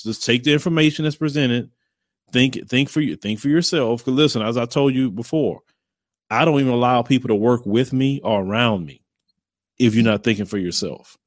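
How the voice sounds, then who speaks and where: A man's voice: mid-range voice, no room sound, studio quality. A man hosting a casual commentary show and talking bluntly to viewers. He rambles, repeats phrases and slips into mocking voices.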